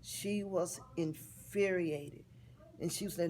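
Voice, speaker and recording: A woman, telling a personal story in an interview in a heartfelt, expressive way. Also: on the low side, slow, slight background noise. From Texas. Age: 50s.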